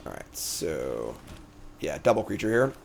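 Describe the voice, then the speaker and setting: A man's voice: a bass voice, measured pace, gravelly, a little hiss or hum. A man streams himself playing a card game and talks through every choice as he goes. His voice swings up and down with lots of life, and he sounds loose and chatty. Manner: chatty, thinks aloud, animated swings in energy. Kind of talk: casual gameplay commentary.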